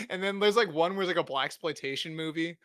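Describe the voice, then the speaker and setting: A man's voice: on the high side, brisk, a bit bright, no echo, clean studio sound. A young man hosting a podcast, riffing in a rambling, profane way and laughing often. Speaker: podcast host. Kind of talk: casual comedic riffing.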